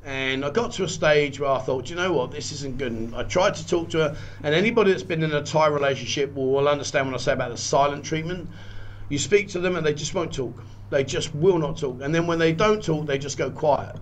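A man recounts his own story in a slightly raised voice, earnest and halting, doubling back on words when it gets emotional. A faint hiss of noise sits under his voice. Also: on the high side. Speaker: guest telling his story. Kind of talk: personal storytelling.

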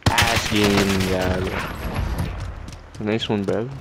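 Slow-talking young Filipino gamer man. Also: on the low side, flat delivery. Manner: swearing, switching between English and Tagalog. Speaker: streamer. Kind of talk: casual gaming chat with friends. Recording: game noise under voice.

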